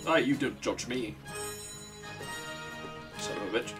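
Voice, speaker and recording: A man's voice: mid-range voice, takes it slowly, over music. A man giving wry, sweary commentary while playing a game. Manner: sweary, wry, talking to himself. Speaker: streamer. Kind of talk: casual gameplay commentary.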